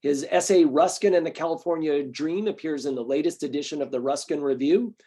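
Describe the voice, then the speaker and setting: A man's voice: a little high, warm tone, slightly rough. A man, the president of an arts club, introducing the evening's speaker with frequent hesitations. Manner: halting, frequent ums and uhs.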